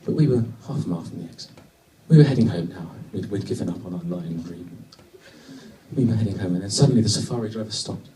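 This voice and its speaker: A man from Britain doing a stand-up routine, telling a wry story with sudden excited bursts. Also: deep voice, fast talker, far from the mic, a little hiss or hum. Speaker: stand-up comedian. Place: comedy venue with a live audience. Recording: echoey venue, mic from afar.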